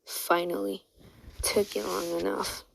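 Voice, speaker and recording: A woman's voice: medium pitch, level tone, takes it slowly, creaky, slight background noise. A woman voicing a cruel, gloating male mad doctor, mocking a captive child in a fan story she tells. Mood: taunting.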